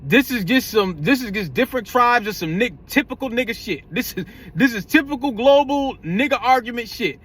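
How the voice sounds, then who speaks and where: High-voiced rambling male vlogger. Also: lively intonation, moderate pace, hardly any pauses, a bit bright, slightly rough. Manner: rambling, slangy, stumbles and repeats words. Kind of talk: casual vlog commentary.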